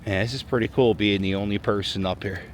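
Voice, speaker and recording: On a snowy city plaza, a middle-aged Philadelphian rambles and jokes into his handheld camera while walking. He speaks quickly in a lowish voice with fairly even intonation, and a little hiss or hum runs under the recording.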